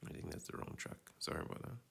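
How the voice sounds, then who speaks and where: A man's voice: fast talker, a bit bright. A man teaching a Spanish lesson, explaining patiently and checking in with his students as he goes. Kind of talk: recorded lesson walkthrough.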